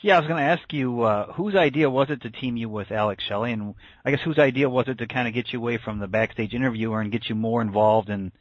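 A male interviewer fires off quick, curious questions. His voice is dry, with no room sound, and the audio is dull and radio-like. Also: medium pitch, dry recording.

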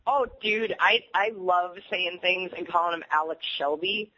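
In a candid interview, a female guest tells stories animatedly and laughs a lot. Her lowish voice is unhurried, and the audio sounds muffled, like a radio broadcast.

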